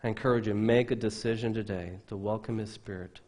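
A man pastor preaching a sermon from the pulpit of a church, emphatic, with loud stresses that drop into quiet asides. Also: lowish voice, steady tone, brisk.

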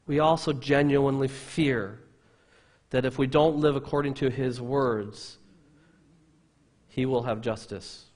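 A man pastor preaching a sermon from the pulpit of a church, emphatic, with loud stresses that drop into quiet asides. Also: medium pitch, fairly even intonation, measured pace, pauses often.

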